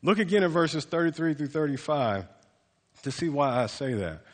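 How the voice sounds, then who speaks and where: A man's voice: a little high, animated, moderate pace, big-room sound. A man preaching a sermon as pastor, in a casual, conversational way with frequent restarts and fillers.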